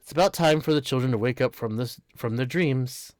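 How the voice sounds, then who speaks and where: A man reading the lines of a calm, scheming male villain in a flat, offhand way. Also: mid-range voice, a little fast, no room sound, studio quality, close to an everyday voice.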